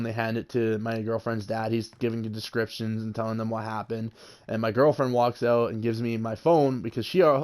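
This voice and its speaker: A man's voice: medium pitch, darkish tone, smooth. A young man casually telling a story about a confrontation, swearing freely and raising his voice when he quotes people. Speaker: vlogger.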